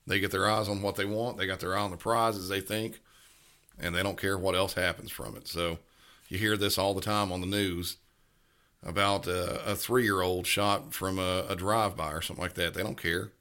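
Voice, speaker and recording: A man co-hosting a podcast, telling work stories in a casual, halting way with many restarts. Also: deep voice, steady tone, bright, forceful tone. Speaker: podcast co-host, police dispatcher. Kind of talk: casual storytelling.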